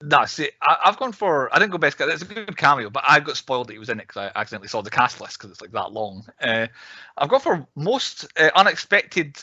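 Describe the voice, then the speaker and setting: Scottish male podcast host, bright, fast delivery, lo-fi sound. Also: a little high, slightly rough, no echo. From Scotland. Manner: animated, quick, laughs often. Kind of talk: casual chat.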